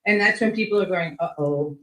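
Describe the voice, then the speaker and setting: A woman guest telling a story in casual chat, lively and full of quoted speech and swearing. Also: fairly high pitch, measured pace. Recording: echoey room.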